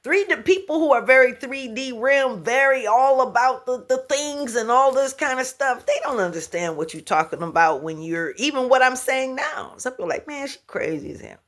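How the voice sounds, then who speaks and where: A middle-aged woman and spiritual speaker giving a motivational vlog talk, animated, laughing often and dropping into whispers. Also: sits high, moderate pace, few pauses.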